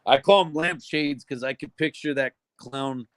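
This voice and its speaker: A man's voice: mid-range voice, normal speed, dry recording. A man co-hosting a live talk show, chatting casually and speculating with some profanity. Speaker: co-host. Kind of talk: casual chat.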